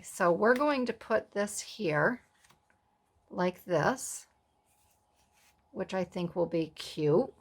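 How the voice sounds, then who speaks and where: A middle-aged woman hosting a casual crafting tutorial, chatting in rambling, self-amused asides as she works. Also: on the low side. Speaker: craft video host.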